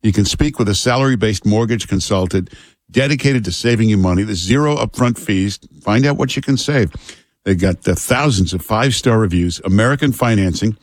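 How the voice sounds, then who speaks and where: Unhurried low-voiced radio host. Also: male voice, no room sound, clean studio sound. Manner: relaxed, unhurried, filler-heavy. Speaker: radio talk show guest host. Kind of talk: casual talk radio chat and live ad reads.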